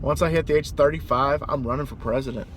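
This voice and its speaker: A young man talking casually in a rambling vlog monologue, now and then doing loud high-pitched impressions. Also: fast, background noise. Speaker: vlogger.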